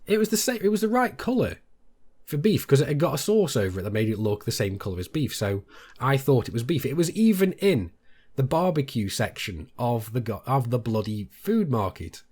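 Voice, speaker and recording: A British man, a gaming YouTuber, telling a story to his viewers in a casual, animated way. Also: brisk, husky. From Britain. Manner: animated, jumps much higher when quoting others.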